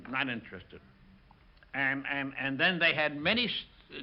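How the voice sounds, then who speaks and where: An older man, a film director, recalls his career in an interview, telling lively stories and acting out the lines of the people in them. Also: medium pitch, unhurried, muffled recording. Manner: lively storyteller acting out quotes. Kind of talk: interview recollection.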